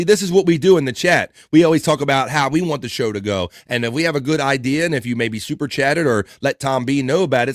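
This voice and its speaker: A man's voice: mid-range voice, no room sound, clean studio sound. A man hosting a live stream, reading chat messages aloud and chatting casually, often chuckling. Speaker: host.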